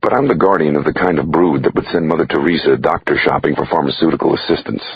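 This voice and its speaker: A man's voice: extremely low pitch, fast talker, breathy edge. A man reading a crime thriller audiobook aloud in a wry first-person storytelling manner. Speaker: audiobook narrator. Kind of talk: scripted audiobook narration. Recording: dull dry lo-fi recording.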